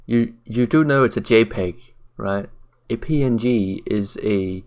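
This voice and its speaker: A man's voice: lowish voice, measured pace, a little mellow. A man ranting on camera in a blunt, profane, mocking way, tired late at night. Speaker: commentary vlogger. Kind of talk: ranting commentary.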